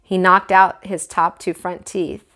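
A woman voicing a patient mother in a gentle, explaining manner, reading a storybook aloud. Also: on the low side, level tone, measured pace. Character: patient mother of two boys.

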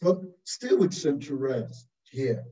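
A man, a Carmelite priest, preaching a slow, deliberate sermon full of rhetorical questions. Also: mid-range voice, sing-song, warm tone. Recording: distant, roomy, dull-sounding recording.

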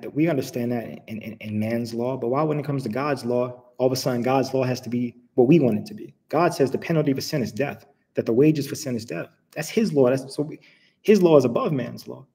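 Man, preacher, conversational sermon, mellow tone, long reverb tail. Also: mid-range voice. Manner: conversational, rhetorical questions. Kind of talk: informal online sermon.

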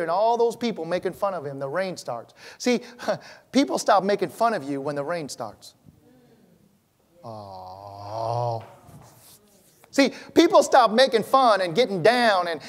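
In an animated church sermon, a male pastor alternates between booming emphasis and soft, low delivery.

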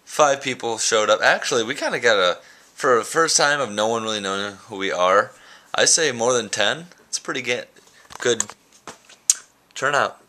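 A man's voice: medium pitch, normal speed, pushed and bright. A young man talking casually into a handheld camera for his daily vlog, goofy and rambling, mocking himself as he goes. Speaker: vlogger. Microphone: handheld camera mic.

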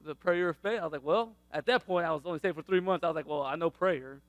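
Animated high-voiced man telling a testimony. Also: quick pace, dry recording. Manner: animated, laughs often, acts out quotes. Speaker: father sharing faith testimony. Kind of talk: casual testimony.

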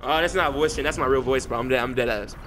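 A man's voice: mid-range voice, rapid-fire, a crowd in the background. A man, a gaming YouTuber, talking in a playful, trolling way during casual game chat.

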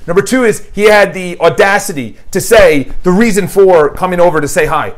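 A man's voice: high-pitched, a little fast, few pauses. A man reviewing a book in a casual motivational monologue, emphatic and repeating his points. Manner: emphatic, repeats phrases, lists questions; quotes an author's dialogue in paraphrase. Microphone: new microphone, home video.

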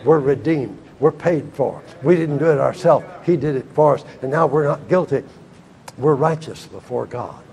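An older American man preaching a sermon in a church, emphatic, swinging between shouted lines and hushed ones, with a husky voice. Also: medium pitch, normal speed. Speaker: evangelist preacher. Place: church hall.

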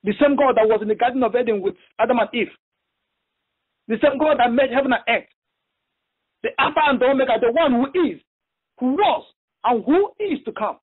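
Husky high guy preaching, stops and repeats a lot, tinny phone line. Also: lively intonation. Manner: halting, repeats himself, emphatic retelling. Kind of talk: sermon over a phone prayer line.

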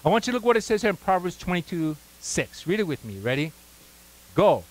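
A man's voice: high-pitched, big pitch swings, fairly quick, rough recording. A pastor preaching a sermon, conversational and full of "right?" asides, prompting his congregation to call out words.

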